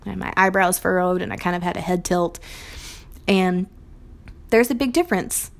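A woman's voice: on the low side, moderate pace, vocal fry. A young adult woman, a Montessori teacher, speaks earnestly and reflectively on teaching and acts out short quoted phrases. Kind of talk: recorded talk on teaching.

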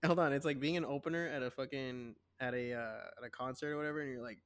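A man's voice: medium pitch, fairly even intonation, fast talker, a bit bright, smooth. Joking man co-hosting a podcast. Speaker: podcast co-host. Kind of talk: casual chat.

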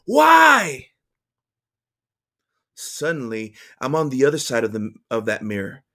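A man reading his own journal entry aloud to viewers, earnest and emotional, with halting restarts. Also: medium pitch. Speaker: vlogger.

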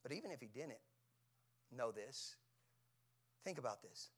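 A man preaching a sermon, asking his congregation questions and swinging from hushed near-whispers to loud shouting. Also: medium pitch, animated, unhurried.

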